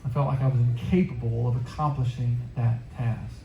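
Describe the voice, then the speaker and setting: Man, youth sermon, conversational and earnest, mid-pitched, echoey room. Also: steady tone, a little fast, vocal fry, mellow, muffled recording, a little hiss or hum. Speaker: youth pastor. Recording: roomy echo.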